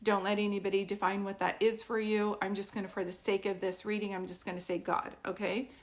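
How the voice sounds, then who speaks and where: A woman's voice: medium pitch, flat delivery, a little fast. Chatty woman giving a psychic reading. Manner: chatty, keeps checking "does this make sense". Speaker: psychic medium. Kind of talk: live-streamed group reading.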